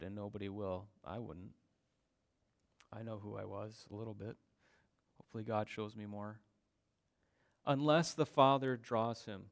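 A man preaching a sermon, emphatic and given to repeating his points. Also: lowish voice. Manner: emphatic, repeats phrases for stress.

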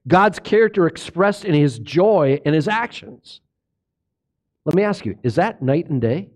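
Expressive and unhurried, a pastor delivers his sermon and asks the congregation questions. He moves back and forth from quiet, low phrases to loud outbursts.

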